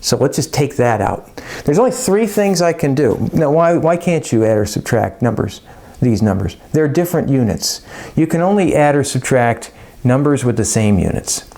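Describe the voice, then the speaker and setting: A middle-aged man talks through a chemistry lesson in a casual, folksy way. He rambles and drops jokey asides, and his voice sits at an ordinary middle pitch. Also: lively intonation, moderate pace, dark tone. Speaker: chemistry teacher. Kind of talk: casual lecture.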